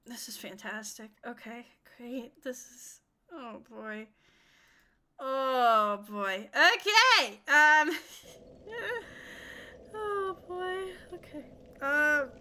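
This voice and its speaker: Bright, high-voiced young woman streamer. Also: slight background noise, rough recording. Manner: chatty, self-deprecating, swears freely, often laughs. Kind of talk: casual gameplay commentary.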